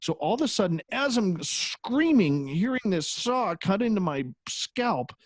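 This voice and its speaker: A man's voice: sits high, animated, normal speed, dry recording. A man, a guest who hosts his own radio show, telling a personal story in a casual, candid interview with occasional swearing.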